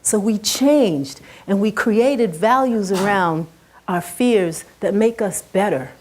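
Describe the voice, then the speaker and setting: Middle-aged woman, heartfelt storyteller on a talk stage; warm, soft tone that climbs and sinks with emotion. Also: medium pitch, takes it slowly, slight background noise. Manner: earnest and heartfelt, rises and drops sharply with emotion. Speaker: speaker giving a talk. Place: stage before a live audience.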